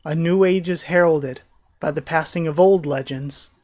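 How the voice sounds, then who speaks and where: A man reads manga panels aloud and reacts between them, his voice sitting a little higher than most men's. He talks quickly and with excitement as he goes from panel to panel. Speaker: reaction channel host.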